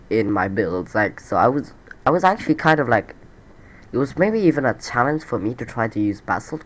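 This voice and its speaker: A man's voice: mid-range voice, fairly bright tone. A man with a stuffy, nasal voice giving casual, rambling commentary over his game build, repeating himself and poking fun at himself. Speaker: let's play creator.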